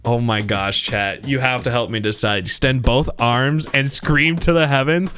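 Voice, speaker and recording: A young man streaming a game live, excitable and giggly as he talks to his chat. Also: medium pitch, moderate pace, soft background music.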